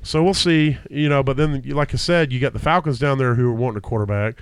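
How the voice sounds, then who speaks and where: A man's voice: medium pitch, fast talker, clear, resonant tone, no echo. A man co-hosting a casual football talk show who rambles and acts out what the teams might say. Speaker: podcast co-host. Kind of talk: casual sports chat.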